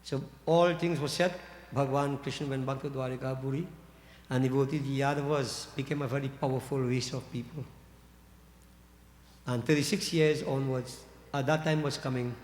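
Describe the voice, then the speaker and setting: A man, a pandit telling a scripture story in a sermon, animated and addressing listeners as devotees. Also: medium pitch, normal speed. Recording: echoey hall reverb.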